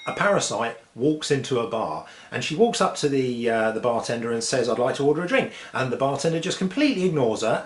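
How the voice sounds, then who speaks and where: A man telling science jokes in a lively way, dropping punchlines deadpan. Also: medium pitch. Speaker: host. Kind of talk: comic joke telling. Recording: echoey room with faint noise.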